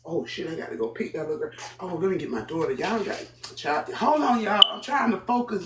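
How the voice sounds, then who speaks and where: A woman's voice: on the low side, lively intonation, fairly quick, hardly any pauses, a bit bright, slight background noise. A woman hosting a live stream, chatting casually and profanely with her viewers and rambling from one thing to the next. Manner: profane, rambling, talks straight to her chat.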